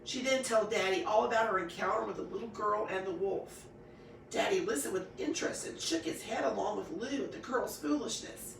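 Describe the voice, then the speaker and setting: A woman reading a children's story aloud in an expressive, animated way. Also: mid-range voice, brisk, gravelly, distant mic, slight background noise. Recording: echoey room, voice off-mic.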